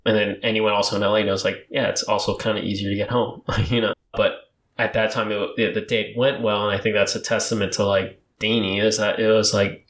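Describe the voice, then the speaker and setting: A man's voice: fairly low pitch, brisk. Roomy-sounding young man telling a story. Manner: rambling, animated storytelling with fillers. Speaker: podcast guest. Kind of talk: casual chat. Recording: roomy echo.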